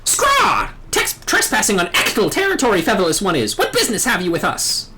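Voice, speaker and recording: A woman's voice: medium pitch, huge pitch swings, a little fast, pushed and bright, a little hiss or hum. A woman voicing surly male bird-man tribesmen who squawk, threaten, and speak in backwards word order. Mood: hostile squawking.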